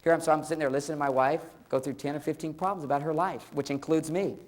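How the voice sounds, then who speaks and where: A middle-aged man holding forth in a lively seminar talk about relationships, explaining with humor. He talks straight to his listeners in a conversational way. He drops into little acted voices for husbands and wives. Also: on the high side, fast talker. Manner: animated, acts out spouses' lines in quoted voices; conversational, addresses listeners directly. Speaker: relationship lecturer.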